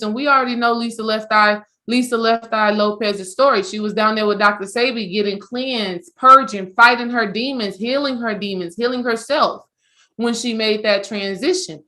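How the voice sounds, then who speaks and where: Bright, animated woman telling a story. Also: fairly high pitch. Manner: animated, repetitive, emphatic storytelling. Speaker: healing coach. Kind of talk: casual storytelling monologue.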